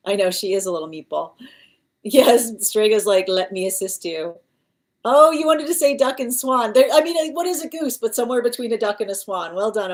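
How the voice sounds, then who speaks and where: A woman's voice: medium pitch, darkish tone. Chatty woman tarot reader on a live stream. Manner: chatty, laughs often, coos at her cat.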